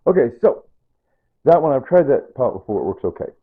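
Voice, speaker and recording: A man's voice: mid-range voice, sing-song, fairly quick, husky, phone-quality sound. A man chatting loosely while cooking in his home kitchen, rambling and repeating himself as he explains each step. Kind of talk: unscripted cooking video chat.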